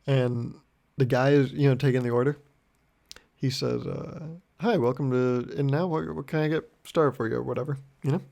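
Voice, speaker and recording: A young man hosting a solo podcast, telling rambling deadpan stories full of swearing and acting out both sides of a conversation. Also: medium pitch, normal speed, gravelly. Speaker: podcast host. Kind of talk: solo comedic storytelling podcast.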